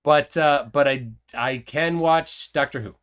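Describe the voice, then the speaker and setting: A man's voice: a little high, unhurried, a bit bright, clean tone. A man hosting a casual live stream, reading viewer comments aloud and questioning his guest. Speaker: host.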